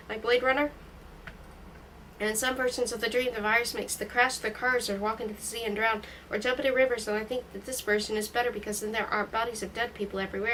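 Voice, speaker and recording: A woman's voice: fairly high pitch, a bit bright. A woman reading a novel aloud in plain first-person narration, recorded from a distance with faint background noise. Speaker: reader.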